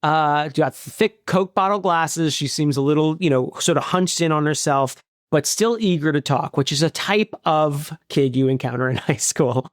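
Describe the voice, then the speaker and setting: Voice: mid-range voice, moderate pace, dry recording. Co-host for a film podcast: wry, self-mocking, rambly, dry close sound. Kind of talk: casual movie-review chat.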